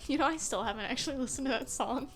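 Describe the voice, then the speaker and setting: Casting: teasing female co-streamer, slightly high voice, faint music behind. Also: quick pace. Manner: teasing, joking, laughs often. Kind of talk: casual chat.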